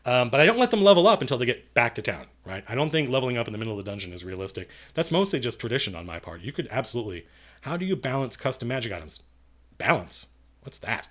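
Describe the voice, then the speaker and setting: A man's voice: mid-range voice, big pitch swings, fast talker, a bit bright. Man, casual stream Q&A, rambling, self-correcting, dry jokes, desk mic. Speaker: game master and writer answering viewer questions. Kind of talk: casual livestream Q&A.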